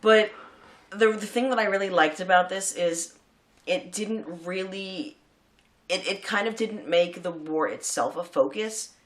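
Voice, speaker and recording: A woman's voice: mid-range voice, a little slow. Chatty woman reviewer, casual retelling. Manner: chatty, animated retelling with many fillers. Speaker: video reviewer. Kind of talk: casual chat.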